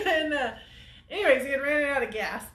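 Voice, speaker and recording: A woman's voice: sits high, animated, normal speed, sharp tone, reverberant. A woman hosting a weekly show, telling a story to viewers in a chatty way and laughing often. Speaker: host of a weekly off-road show.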